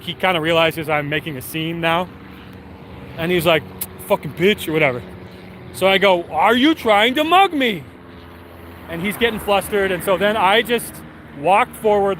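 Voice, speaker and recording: High-voiced man rambling through a story. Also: slight background noise. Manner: rambling, filler-heavy, animated retelling. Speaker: streamer answering chat. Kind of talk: casual storytelling.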